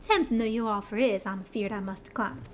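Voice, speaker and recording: A woman's voice: medium pitch, fast talker, slight background noise, close to an everyday voice. A woman reading game dialogue aloud, voicing a blunt, folksy middle-aged male schemer in a heavy Southern US twang. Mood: earnest. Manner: folksy, blunt, rough-spoken.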